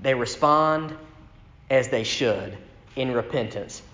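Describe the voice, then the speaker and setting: A man's voice: medium pitch, takes it slowly, fairly bright tone. A man preaching a sermon in a conversational way, reading scripture aloud and acting out quoted complaints. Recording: echoey hall with long reverb.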